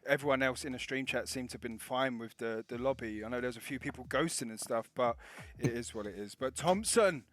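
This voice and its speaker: A man's voice: medium pitch, a little fast, hardly any pauses, a bit bright. A man hosting post-race interviews on a live stream, chatty and upbeat as he thanks viewers and drivers. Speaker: commentator hosting podium interviews. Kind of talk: casual live-stream commentary.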